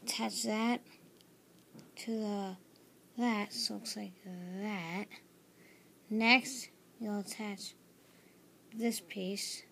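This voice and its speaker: Halting, slow-talking woman showing a build. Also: mid-range voice, fairly even intonation, creaky, a bit bright, slight background noise. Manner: hesitant, many fillers and apologies. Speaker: tutorial host. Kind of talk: casual building tutorial. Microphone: tablet camera mic.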